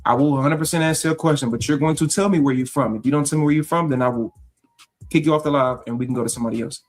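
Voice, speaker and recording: A man's voice: fairly high pitch, racing, soft background music. A man hosting a live stream who questions a caller pushily and insists on getting an answer. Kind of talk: casual live stream call.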